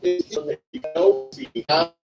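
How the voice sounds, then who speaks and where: A man's voice: mid-range voice, expressive, normal speed, warm tone, soft background music. A man in his forties telling rambling personal anecdotes at a livestreamed memorial, often correcting himself. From California. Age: 40s. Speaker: eulogy speaker. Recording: distant mic, roomy echo, faint noise.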